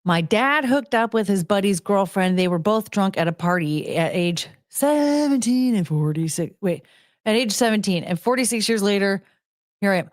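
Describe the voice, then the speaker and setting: A woman chatting away casually with her audience, her voice set close and dry with no room sound. She drifts into soft, cooing baby talk for her dogs, laughs often and lets her sentences trail off. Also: medium pitch, expressive, normal speed, dry recording. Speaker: streamer hosting her own show. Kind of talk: casual chat with viewers.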